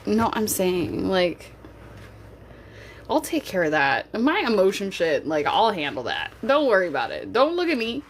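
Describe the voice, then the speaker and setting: A woman's voice: medium pitch, huge pitch swings, unhurried, a little hiss or hum. A woman streaming live, a mother chatting candidly with her viewers in a jokey, casual way and swearing now and then. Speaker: livestreamer.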